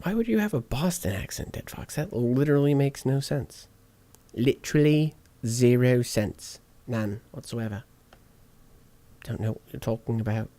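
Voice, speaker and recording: A man walking through podcast audio editing out loud, chatty and joking to himself as he works. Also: medium pitch, animated, normal speed. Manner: chatty, jokey asides while working. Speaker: podcast editor streaming his editing session. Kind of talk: casual on-screen tutorial talk.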